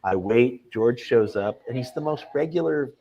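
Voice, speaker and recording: A male film director recounting his stories as an interview guest, voice at a middle pitch. He tells them animatedly and slips into the voices of the people he quotes. He restarts his sentences often as the story tumbles out. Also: lively intonation, normal speed, creaky, breathy edge, lo-fi sound.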